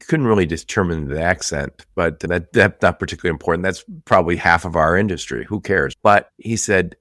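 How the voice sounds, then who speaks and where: A man hosting a business podcast, telling stories in a lively, chatty way and laughing often. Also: low-pitched, dry recording, clean studio sound. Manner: animated storyteller, laughs often. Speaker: podcast host. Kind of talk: casual business podcast chat.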